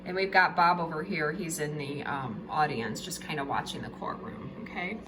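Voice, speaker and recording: A woman's voice: sits low, normal speed, noisy background. A woman teacher giving a casual video lesson with her own drawings. She is chatty and jokey and keeps checking in with "okay?".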